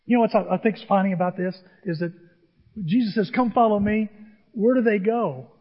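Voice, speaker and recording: A male pastor preaching a sermon, animated and acting out the people he quotes. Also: high voice, fairly quick, slightly rough. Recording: dull sound in a large reverberant hall.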